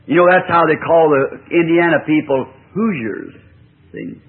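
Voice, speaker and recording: A man's voice: a little high, a little slow, breathy edge. A man, a preacher telling a rambling folksy story in a sermon. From the American South. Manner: folksy, rambling anecdotal delivery with chuckles. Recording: tinny old lo-fi recording.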